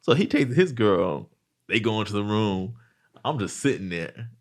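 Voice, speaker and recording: Lively, animated young man telling stories. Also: on the low side, moderate pace. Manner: animated, laughing slangy storytelling. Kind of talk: casual podcast chat.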